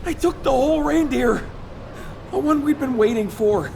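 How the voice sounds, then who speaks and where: A woman's voice: sits high, expressive, normal speed, gravelly, darkish tone. An actress playing a shaken young woman hunter who stammers through her account in a game. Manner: hesitant, breathless storytelling. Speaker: game character. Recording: game audio with ambient noise.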